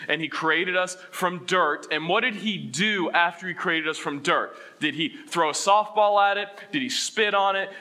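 A male pastor delivers an animated sermon in a bright, forceful voice pitched a little high for a man. He quizzes the room and swings from loud bursts to quiet, heavy lines.

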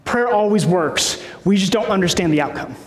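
High-voiced preacher in an echoey hall. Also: male voice, animated, normal speed. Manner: conversational, checks in with the room often. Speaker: pastor. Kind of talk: sermon.

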